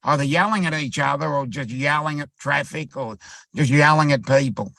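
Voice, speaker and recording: A man co-hosting a livestream in casual chat, halting and repeating words as he goes. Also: fairly high pitch, gravelly, bright, forceful tone.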